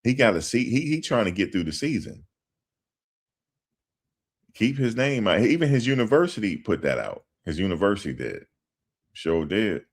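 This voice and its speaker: A man doing casual commentary on a livestream. He talks in an animated, slangy way and repeats himself for emphasis. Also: fairly low pitch, moderate pace, long pauses.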